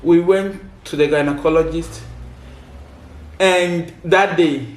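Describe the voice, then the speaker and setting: A woman's voice: fairly low pitch, a little mellow. A woman with a Ghanaian English accent gives an emotional faith testimony, speaking fervently and repeating rhetorical questions. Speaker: vlogger sharing testimony. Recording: echoey room.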